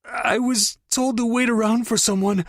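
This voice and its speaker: A man voicing a terrified male captive who sobs and pleads in high, strained cries. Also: fairly even intonation, normal speed, creaky, no room sound, studio quality, exaggerated voice. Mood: terrified pleading.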